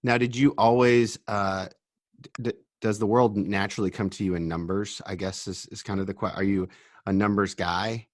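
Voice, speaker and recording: A man's voice: lowish voice, steady tone, moderate pace, no echo, clean studio sound. A man hosting a podcast, asking questions in a playful, joking way. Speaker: podcast host. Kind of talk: casual interview chat.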